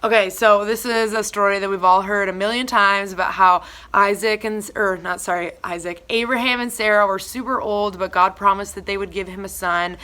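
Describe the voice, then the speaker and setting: A woman's voice: medium pitch, moderate pace, few pauses. A young woman giving a casual church devotional, reading scripture and then talking it through in a chatty way full of fillers. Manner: chatty, filler-heavy, animated retellings.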